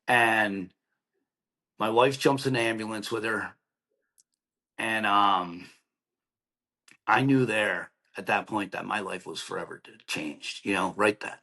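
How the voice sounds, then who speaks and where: A man in his thirties, a podcast guest, telling a painful personal story in a halting, emotional way with many restarts. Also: on the low side, vocal fry, bright, forceful tone, poor audio.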